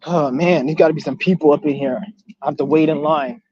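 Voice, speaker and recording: Fast-talking profane man on dull audio. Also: on the high side, fairly even intonation, a little mellow, husky, dry recording. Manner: profane, rambling, emphatic. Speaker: vlogger preaching breatharianism. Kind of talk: casual rant to camera. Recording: dull lo-fi dry sound.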